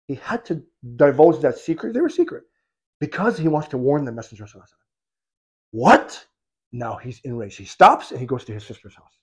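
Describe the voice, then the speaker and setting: A man preaching in a storytelling sermon, acting out the people in the story and swinging from loud to hushed. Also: on the high side, quick pace, husky. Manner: animated, acts out quoted voices, swings from loud to hushed.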